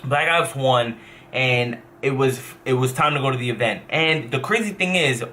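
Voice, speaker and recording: A young man from New Jersey tells a story in a casual vlog, speaking at a mid pitch. He rambles and swears freely, restarting his sentences as he goes, over a faint background hum. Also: normal speed, sharp tone. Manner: rambling, profane, many restarts. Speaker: gamer vlogger.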